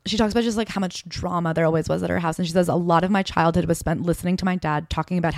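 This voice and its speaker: Fast-talking woman co-host, lowish voice. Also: steady tone, darkish tone, no room sound, studio quality. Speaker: podcast co-host. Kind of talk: casual book discussion, reading memoir passages aloud.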